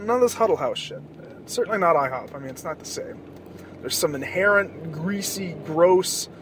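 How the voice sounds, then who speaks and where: A man with a high voice, rambling and swearing through a casual late-night monologue. He talks from inside a moving car, with faint road noise behind him. He bursts into loud, animated outbursts every so often. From American South. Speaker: podcast host.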